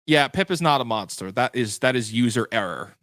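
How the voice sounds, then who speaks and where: Male game master hosting a livestream recap; bright, forward voice, loose and chatty with frequent restarts. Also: mid-range voice, lively intonation, fairly quick, dry recording. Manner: chatty, self-correcting, answers viewer questions. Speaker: game master and show host. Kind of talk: livestream post-show chat.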